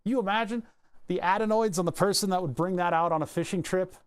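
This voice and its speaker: A man's voice: high voice, fast talker, clear, resonant tone. A man streaming live and chatting casually, reading excerpts aloud and musing over them, with the odd swear. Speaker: livestreamer.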